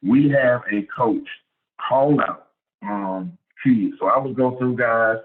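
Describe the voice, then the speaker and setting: A man who coaches high school football, giving a lively, conversational clinic talk and repeating words as he goes. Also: slow pace. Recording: tinny phone-like sound.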